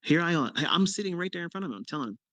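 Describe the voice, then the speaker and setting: Man, fifties, mentor telling a story: blunt, swears freely, punches lines with sharp pitch jumps; dry, close sound. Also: expressive, very fast, dry recording. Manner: blunt and profane, with sudden emphatic jumps in pitch. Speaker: trading mentor. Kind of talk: casual storytelling on a live audio chat.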